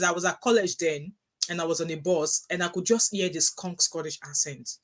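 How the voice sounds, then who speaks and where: A middle-aged woman with a Nigerian accent, chatting casually on a livestream, telling animated stories and reading out viewer comments. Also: lowish voice. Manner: animated storytelling with frequent restarts, reads out chat messages.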